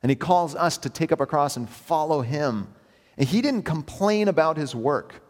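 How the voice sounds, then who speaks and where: A man's voice: a little high, lively intonation, normal speed. A man preaching a verse-by-verse sermon in an earnest, emphatic way, often repeating his phrases. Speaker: pastor. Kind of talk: expository sermon. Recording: long hall reverb.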